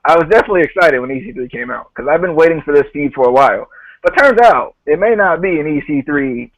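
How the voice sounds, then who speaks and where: A man hosts a casual podcast recap, retelling what people said in a loose, joking way. His voice sits a little high. The sound is dry and close, with no room around it. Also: expressive, quick pace, dry recording, highs cut off. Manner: laughs often, quotes others in a loose retelling. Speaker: podcast host.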